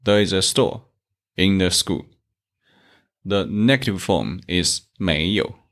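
A man teaching a language lesson, explaining grammar and modeling tones deliberately. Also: deep voice, expressive, a bit bright. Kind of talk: slow instructional explanation.

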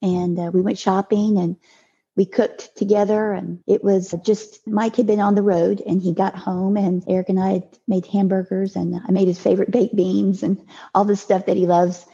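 An older woman tells a painful family story as an interview guest. Her voice is gravelly and husky with a mellow, dark tone. She speaks haltingly and often restarts, on a dull, lo-fi recording. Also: mid-range voice, level tone. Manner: halting, with restarts and repeated words. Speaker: podcast guest. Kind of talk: emotional personal storytelling in an interview.

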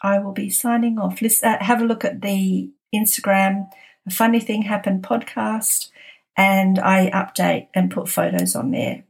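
A woman's voice: medium pitch, fairly even intonation, moderate pace, gravelly. A middle-aged woman hosting a podcast, telling workplace anecdotes in a casual, chatty way and laughing often. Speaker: podcast host.

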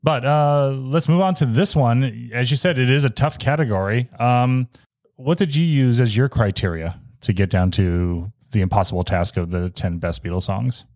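A man's voice: mid-range voice, normal speed, a little mellow, dry recording, studio quality. A man hosting a podcast, chatting casually with lots of fillers and laughs. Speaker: podcast host. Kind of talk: casual chat.

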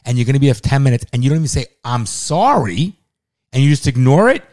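A man's voice: medium pitch, fairly even intonation, racing, dark tone. A middle-aged man co-hosting a podcast in casual chat, ranting in a heated, profane and emphatic way. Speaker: podcast co-host.

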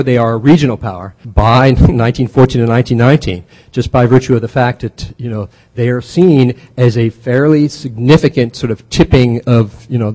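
Lecturer, male, mellow low-toned voice, loose and halting, full of "uh" and "sort of", leans hard on his key points. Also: low-quality recording. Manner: halting, many fillers and restarts; conversational, animated emphasis. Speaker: history lecturer. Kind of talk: academic lecture.

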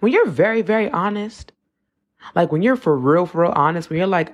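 A woman in her 20s hosts a casual, reflective podcast monologue in a low voice with lively intonation and a brisk pace, and the sound is lo-fi. She talks loosely and conversationally, saying "like" a lot and restarting or correcting herself often.

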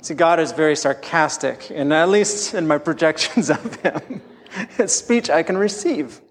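Candid pastor preaching in a reverberant hall. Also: male voice, a little high, a little slow. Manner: candid, self-deprecating, animated storytelling. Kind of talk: sermon.

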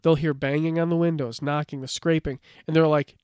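A man with a fairly high, smooth and resonant voice talks in a loose, chatty way, reading bits from notes and leaning on filler words. The sound is close and dry. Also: moderate pace, dry recording. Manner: relaxed storytelling, reads from notes, many "like" fillers. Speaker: podcast co-host. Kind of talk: casual chat.

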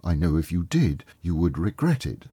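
A man reading the part of a sorrowful young woman who softly releases her fiancé, speaking gently and with quiet reproach. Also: low voice, sing-song, moderate pace, husky, no room sound, studio quality, heavily acted. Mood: resigned resolve.

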